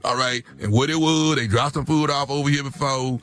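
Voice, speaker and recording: A man's voice: medium pitch, steady tone, a little fast, a bit bright, natural voice. A man playing a phony, boastful boyfriend who talks in drawling slang and rambles, stumbling over words, as a comic radio impression.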